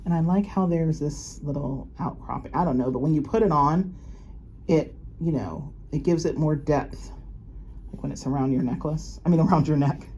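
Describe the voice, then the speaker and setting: A woman's voice: deep voice, normal speed, dark tone, lo-fi sound, a little hiss or hum. A woman chatting casually and rambling as she shows off her new jewelry, laughing often. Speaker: luxury unboxing vlogger. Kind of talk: casual show-and-tell chat.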